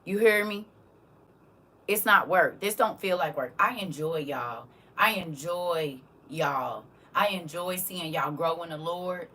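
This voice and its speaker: A woman's voice: fairly low pitch, slow pace, bright, forceful tone, distant mic. A woman who teaches the Bible online, chatting casually on a livestream, speaking emphatically and repeating herself to drive points home. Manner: emphatic, repetitive, keeps asking "you hear me?". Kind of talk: casual livestream chat, reading viewer comments.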